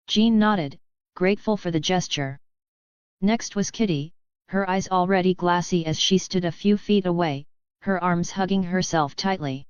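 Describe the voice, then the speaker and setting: A woman narrating an audiobook in an even, measured way. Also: lowish voice, clear, resonant tone, dry recording. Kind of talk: scripted narration. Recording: dull, dry sound.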